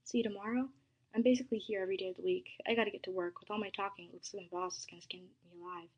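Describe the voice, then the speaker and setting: A woman reads the part of a bubbly teenage girl working at a library desk, talkative and friendly. The voice is soft and breathy, with a storybook reading feel. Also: mid-range voice, steady tone, racing, muffled recording, close to an everyday voice. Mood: chatty.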